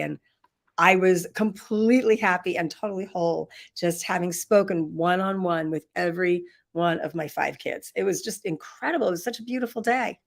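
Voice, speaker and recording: A woman's voice: on the low side, creaky. A middle-aged woman leading an online workshop, telling a personal story with frequent laughter, on a computer mic. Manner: warm storytelling, laughs often. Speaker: workshop leader. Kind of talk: live online workshop talk.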